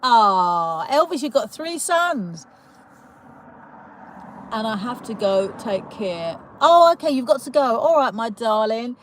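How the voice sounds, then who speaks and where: A woman's voice: a little high, very animated, slow, poor audio. A young British woman hosting a casual livestream, chatting and giggling as she welcomes viewers, with lots of fillers and restarts. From United Kingdom. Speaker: livestream host. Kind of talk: casual live chat greeting viewers.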